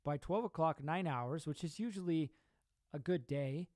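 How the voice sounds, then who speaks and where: A man's voice: a little high, normal speed, darkish tone, no room sound. A young man hosting a podcast, giving an emphatic motivational talk full of rhetorical questions and repeated points. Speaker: podcast host.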